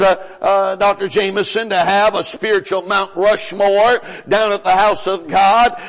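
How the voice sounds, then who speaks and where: A pastor preaching a sermon in a folksy, joking way, often stumbling and repeating himself. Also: male voice, high voice, gravelly, in a large hall, rough recording.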